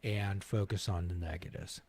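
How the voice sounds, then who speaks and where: A man's voice: sits low, fairly even intonation, moderate pace, vocal fry, darkish tone, husky. A man hosting a talk show, making his points with homespun anecdotes in a conversational way. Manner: folksy, illustrates points with anecdotes. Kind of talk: conversational interview, storytelling.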